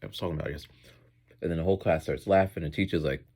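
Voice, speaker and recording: A man's voice: a bass voice, fairly even intonation, quick pace, darkish tone, breathy edge. A man who teaches in Japan, chatting casually in a rambling vlog while eating, going off on tangents and acting out voices.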